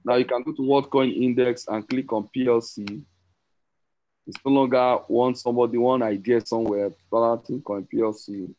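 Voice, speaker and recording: A man giving an excited, rambling sales pitch on an online call, repeating and correcting himself as he goes. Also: moderate pace, rough recording. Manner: rambling, repetitive, self-correcting, teasing. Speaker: crypto promoter hosting a group call.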